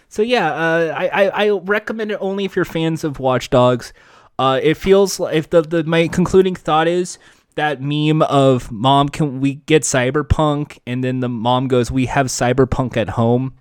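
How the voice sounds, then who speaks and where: A man's voice: on the high side, expressive, measured pace, clear, resonant tone, dry recording. Guy hosting a game podcast, stop-start casual talk, dead dry room. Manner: hesitant, with frequent restarts. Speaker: podcast host. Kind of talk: casual game review chat.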